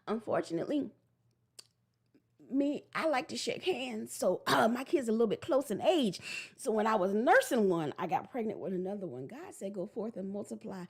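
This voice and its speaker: A woman in her forties giving a blunt, animated parenting talk that slips into acted-out voices. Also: a little high, normal speed, vocal fry, breathy edge. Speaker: parenting vlogger. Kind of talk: casual preachy monologue.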